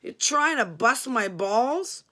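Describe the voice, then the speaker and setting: A woman reading the part of a rude, blustering man on the phone, haggling over a price, in her own slow voice. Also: on the high side, animated, sharp tone, heavily acted. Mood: brash. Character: brash, rude adult male caller.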